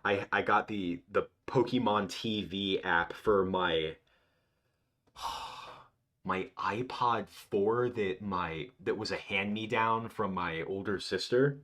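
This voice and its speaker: A man's voice: fairly low pitch, slow pace, a bit bright. A man in his twenties hosting a casual livestream, rambling and reminiscing with lots of restarts. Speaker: livestream host.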